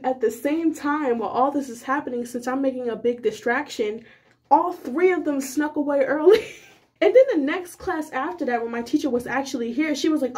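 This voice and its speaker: A young woman with a high, light voice tells a casual story to her viewers. She rambles loosely and fills her sentences with constant fillers. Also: brisk, slight background noise. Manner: rambling, filler-heavy, animated retelling. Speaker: vlogger.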